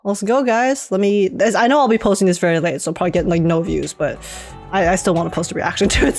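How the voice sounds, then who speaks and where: A woman's voice: mid-range voice, fast talker, a little mellow. Chatty woman streamer, faint music. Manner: chatty, laughs often, restarts phrases. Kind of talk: casual live-stream chat with viewers.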